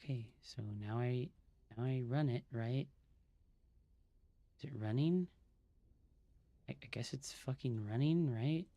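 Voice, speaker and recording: A man streaming live as a gamer, troubleshooting out loud, swearing a lot and muttering under his breath. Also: mid-range voice, a little slow, long pauses, dry recording, lo-fi sound. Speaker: gaming streamer.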